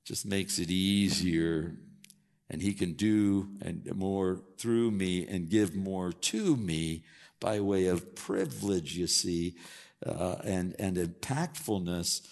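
Male pastor, gravelly voice, chatty animated sermon, long hall echo. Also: low voice, slow. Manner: animated, conversational preaching with rhetorical questions. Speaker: preacher.

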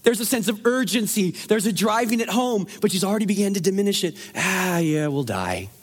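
A man preaching a sermon in a conversational, animated way, asking the room rhetorical questions. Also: sits high, fast talker, slightly rough. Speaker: pastor.

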